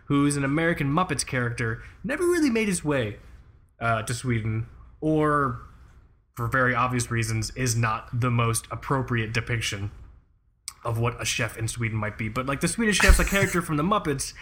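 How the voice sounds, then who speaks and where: A man's voice: mid-range voice, big pitch swings, moderate pace, a bit bright. A man co-hosting a podcast in casual banter, rambling and joking at his own expense. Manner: rambling, jokey, self-deprecating. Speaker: podcast co-host.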